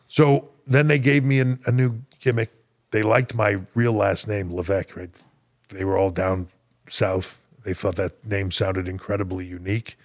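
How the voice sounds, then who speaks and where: A man's voice: fairly low pitch, vocal fry. A man, casually telling anecdotes as a podcast guest, chuckling as he goes. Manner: relaxed anecdotal storytelling with chuckles. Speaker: guest, former wrestler. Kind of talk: casual storytelling.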